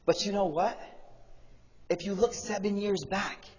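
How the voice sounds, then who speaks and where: A man preaching with a fairly high voice, swinging from booming emphasis to hushed reflection as he acts out quoted speech. His words ring with a long reverb through a large hall, and the recording sounds muffled and dull. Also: a little slow, slightly rough. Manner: passionate, acts out quoted voices, addresses brothers and sisters. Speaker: imam giving Friday sermon. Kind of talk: sermon.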